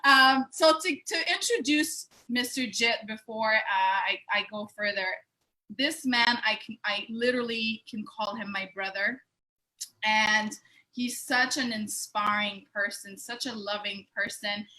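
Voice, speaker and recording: A bright, lively woman hosts a casual online talk show over a video call. She sits a touch higher than most women and talks with bubbly enthusiasm, breaking into laughter. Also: a little slow. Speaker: host. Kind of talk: casual live video chat.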